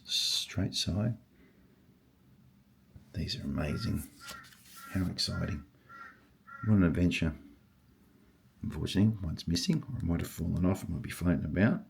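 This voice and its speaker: Very deep gravelly husky older man. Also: slight background noise. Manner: excitable, murmurs and exclaims to himself. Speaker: stamp collector. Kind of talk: casual vlog, thinking aloud while sorting.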